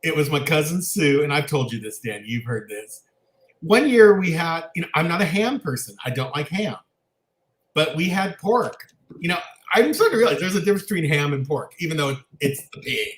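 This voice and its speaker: A man with a fairly high voice tells stories in a lively, animated way, laughing as he goes. His casual chat sounds echoey, as if recorded in a bare room. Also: a little fast. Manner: animated storyteller, laughs often. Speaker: co-host.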